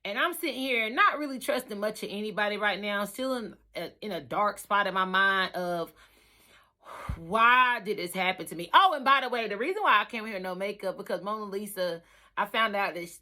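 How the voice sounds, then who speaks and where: A woman vlogging her life story in a bright, forceful voice, talking casually and animatedly. She repeats phrases for emphasis and swings between loud and quiet. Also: medium pitch, lively intonation, a little fast.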